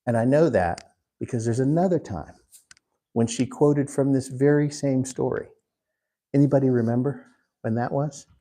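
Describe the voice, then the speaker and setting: A man teaching a Bible class in an unhurried way, putting questions to the class. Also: mid-range voice, dark tone. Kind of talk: interactive Bible class lesson.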